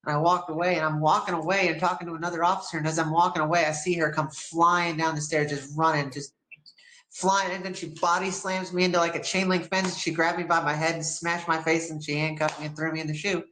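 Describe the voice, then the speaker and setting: A woman's voice: sits low, quick pace, roomy sound, slight background noise, low-quality recording. An American woman guest in an interview, telling a story casually and acting out the people in it. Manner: animated, acts out quoted people in her story.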